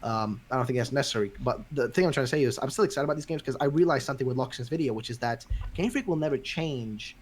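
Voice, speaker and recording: Fast-talking, swearing male podcast host. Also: medium pitch, slightly rough. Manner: profane, ranting, animated. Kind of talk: casual chat.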